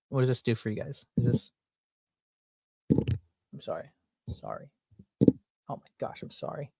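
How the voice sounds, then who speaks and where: A man's voice: medium pitch, a bit bright, dry recording, studio quality. A man hosting his own livestream from home, chatting casually in a rambling, joking, folksy way. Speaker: livestream host. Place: at home, indoors. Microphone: desk mic through mixer with headphones.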